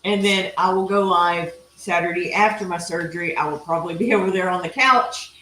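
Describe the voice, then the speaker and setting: A woman's voice: lowish voice, brisk, fairly bright tone, echoey room, slight background noise, rough recording. A middle-aged woman from Texas with a Texan accent, hosting a cooking live stream in a chatty, folksy way with rambling asides. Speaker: cooking show host. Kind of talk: casual live-stream chat while grilling.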